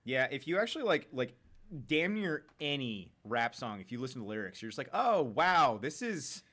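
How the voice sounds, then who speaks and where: A man hosting a stream-style podcast in casual chat, rambling and halting as he talks. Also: medium pitch, big pitch swings, bright, forceful tone. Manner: rambling, halting, with many fillers and restarts. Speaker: podcast host reading viewer messages.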